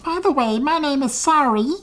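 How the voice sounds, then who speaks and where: A man voicing a fussy female gnome ambassador in a high squeaky put-on voice. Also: moderate pace, fairly bright tone. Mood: impatient.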